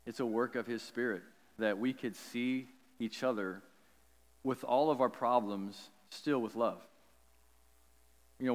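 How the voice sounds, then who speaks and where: A pastor with a middle-pitched voice delivers a sermon as a personal story, slipping into loose, chatty storytelling packed with likes and ums. He's animated but measured, with long pauses, and his voice rings out with long reverb, as if in a large hall.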